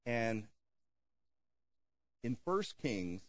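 A man preaching a sermon in a gentle manner, dropping softly at moments and chuckling now and then. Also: medium pitch, very slow, dry recording, dull audio. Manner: gentle, lively preaching with soft drops and chuckles. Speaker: pastor.

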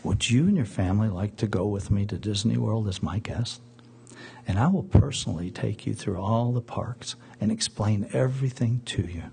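A kindly wealthy gentleman, as a preacher puts him on. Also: on the low side, moderate pace, vocal fry, slightly rough, heavily acted.

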